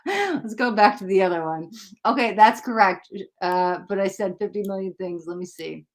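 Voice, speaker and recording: A woman runs a live tarot stream, chatting casually with her viewers, giggling often and making fun of herself. She speaks in a medium-pitched, unhurried voice.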